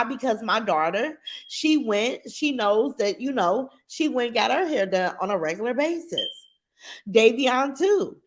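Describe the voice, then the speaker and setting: A middle-aged woman hosting a casual livestream, bluntly giving her opinions and reading comments from chat. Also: a little high. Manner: blunt, opinionated, animated, addresses chat directly.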